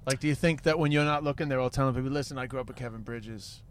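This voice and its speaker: A man's voice: mid-range voice, rapid-fire, slight background noise. A man chatting casually while driving a car, laid-back and easygoing. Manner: laid-back, says "man" and "you know" a lot.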